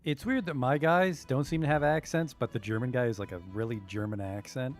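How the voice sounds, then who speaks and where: A man's voice: medium pitch, steady tone, fairly quick, soft background music. A young man giving casual, joking, profane commentary while streaming a game, sometimes reading tutorial text aloud.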